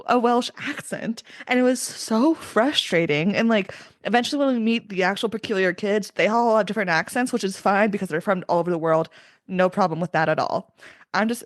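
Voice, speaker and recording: A woman's voice: mid-range voice, dry recording, studio quality. A young woman hosting a casual book podcast, chatty and opinionated, with lots of "like" fillers. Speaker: podcast host.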